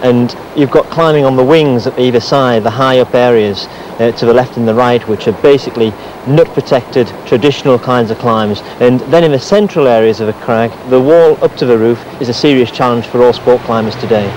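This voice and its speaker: A man's voice: medium pitch, brisk, hardly any pauses, a little mellow. A man, a climber, explaining enthusiastically to camera while outdoors at a cliff. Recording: dull outdoor recording with faint noise.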